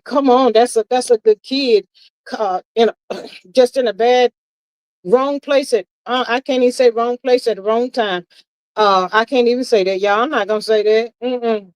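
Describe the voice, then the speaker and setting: A woman with a slightly high voice hosts a casual livestream, reacting to viewer comments in an emphatic, exasperated way. She sighs and drawls, calling everyone "child" and "y'all". The recording is dry and close, with no room echo. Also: darkish tone.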